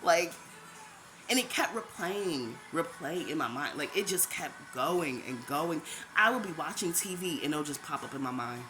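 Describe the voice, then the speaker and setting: A woman with a low, expressive voice speaks at a normal speed, sharing her faith testimony as a vlogger in a casual, chatty personal story. She often repeats herself and laughs now and then. Background noise and background music can be heard.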